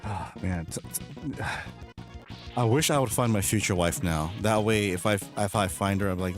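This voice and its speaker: A man's voice: lowish voice, normal speed, over music. A young man livestreaming, talking in a heated, profane rant, stumbling and restarting his sentences. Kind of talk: casual chat.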